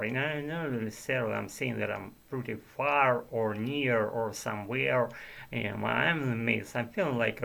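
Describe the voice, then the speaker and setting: Russian-accented guy vlogging, low gravelly mumbly voice, lots of restarts. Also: a bit bright. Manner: murmuring, hesitant, many restarts. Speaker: language learner vlogger. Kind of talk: rambling monologue to camera.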